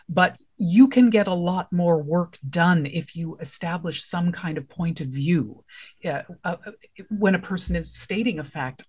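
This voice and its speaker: A writing teacher delivers a casual spoken lesson. The talk is conversational and unscripted, moving from one example line to the next and posing questions along the way. The voice sits at a middle pitch. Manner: conversational, explains through example lines and questions.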